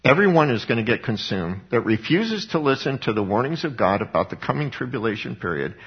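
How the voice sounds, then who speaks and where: A husky middle-aged man delivers a sermon in a fervent, conversational way, often doubling back on his words. His voice sits at an ordinary pitch, slightly breathy. The recording sounds dull and lo-fi. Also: sing-song, a little fast. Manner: fervent, conversational preaching with frequent restarts. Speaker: preacher.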